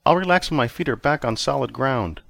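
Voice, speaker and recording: A man's voice: medium pitch, expressive, brisk, vocal fry, fairly bright tone, no echo, pitched above the performer's own voice. A man voicing a jumpy, anxious young man passenger with a fretful, raised voice.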